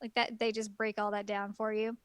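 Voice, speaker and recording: A woman's voice: mid-range voice, flat delivery, brisk, clear, resonant tone, dry recording. A woman on a casual podcast, rambling through a plot recap with lots of ums. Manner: rambling plot retelling with many fillers. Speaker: guest reviewer.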